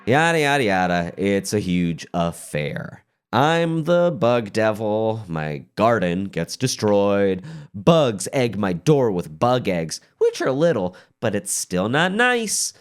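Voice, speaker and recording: A man's voice: fairly low pitch, very animated, takes it slowly, clean tone. A man telling an absurd comic story with a wildly swooping, exaggerated delivery.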